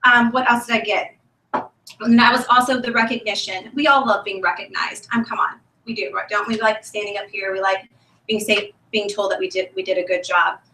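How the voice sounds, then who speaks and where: Woman, enthusiastic motivational testimony, chatty and emotional, crisp bright voice. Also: mid-range voice, steady tone, brisk, slight background noise. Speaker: speaker at a sales meeting. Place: meeting room, on a stage. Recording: echoey room from a distant mic.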